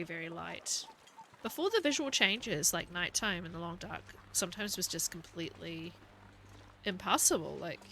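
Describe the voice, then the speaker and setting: Woman, gameplay commentary, bright clear tone, casual chatty thinking aloud, faint background hiss. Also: fairly low pitch. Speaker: gaming video creator. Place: home room with her dog.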